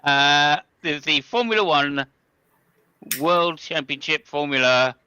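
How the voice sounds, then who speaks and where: Bright, crisp joking male podcast host. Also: fairly high pitch, takes it slowly, dry recording, dull audio. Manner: joking, rambling, playful stutters. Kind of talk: casual comedic race commentary chat.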